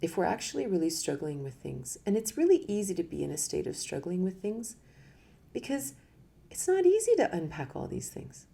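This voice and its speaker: A middle-aged woman giving a casual spoken talk as a spiritual teacher, animated and often laughing as she acts out inner voices. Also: fairly low pitch, normal speed, creaky.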